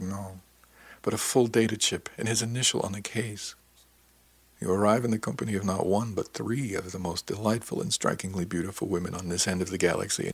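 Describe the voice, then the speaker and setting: A man voicing a refined male tailor who speaks politely and softly, coaxing his client. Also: low-pitched, breathy edge, no echo. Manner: polite, soft-spoken, coaxing. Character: suave male tailor, refined and gently probing.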